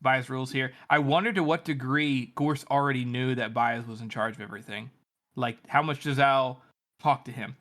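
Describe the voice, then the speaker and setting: Male co-host, medium pitch, loose and rambling, casual book chat. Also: steady tone, moderate pace, fairly bright tone. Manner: rambling, lots of likes and ums. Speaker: podcast co-host.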